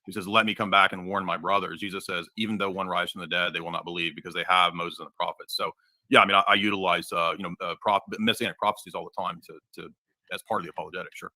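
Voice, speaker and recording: A man argues his case in a formal debate, fast and assertive, piling up his points. His voice sits very low but has a sharp, forceful edge. The sound is dry and close. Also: steady tone, no echo. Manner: rapid, assertive, argumentative.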